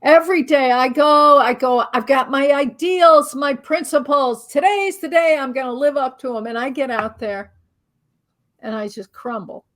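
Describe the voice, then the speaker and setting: A high-pitched middle-aged woman talks at normal speed while guesting on an interview. A spiritual teacher and author, she relates a spirited, self-mocking story and plays out her thoughts aloud.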